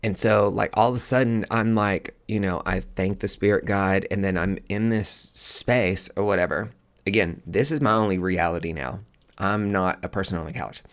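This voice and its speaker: A man with a fairly low voice hosts a podcast and tells a personal story off the cuff. He rambles through fillers and restarts, then leaps up in pitch when he acts out what people said. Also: moderate pace. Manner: acts out quoted dialogue with sudden high outbursts. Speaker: podcast host. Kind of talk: casual storytelling.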